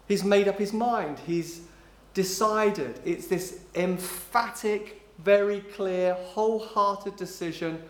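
A man preaching a sermon in an emphatic way, slowing down on key phrases and dropping low and quiet when he quotes. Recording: roomy echo.

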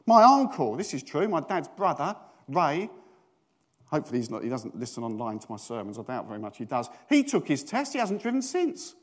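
Middle-aged man from Britain, preacher, fairly high voice, chatty sermon with self-deprecating jokes. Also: very animated, brisk. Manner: chatty, self-mocking, asks the congregation questions. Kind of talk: storytelling sermon.

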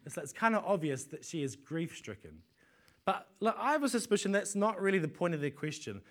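A man's voice: sits high, big pitch swings, a little fast. A man preaching a sermon in a conversational way, often repeating words as he restarts and asking the congregation rhetorical questions.

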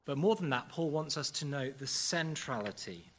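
A man preaching a sermon in a church service, earnest and measured, with occasional fillers. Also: fairly high pitch, lively intonation, a little hiss or hum.

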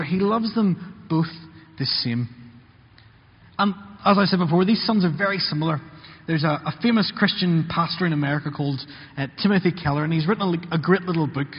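A man's voice: on the high side, breathy edge. A man giving an earnest sermon, acting out the words of story characters. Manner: earnest, acts out characters' lines in quotes. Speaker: preacher. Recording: muffled, with long hall reverb.

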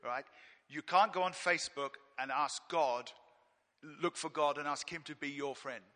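A man's voice: a little high, normal speed, pushed and bright. A man preaching a straight-talking, emphatic sermon in a church. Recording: long reverb of a hall.

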